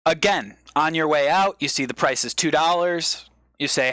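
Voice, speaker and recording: A male comedian on a live stream, giving an improvised mock lecture as a rambling explainer with sudden excited bursts. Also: on the high side, moderate pace, dry recording.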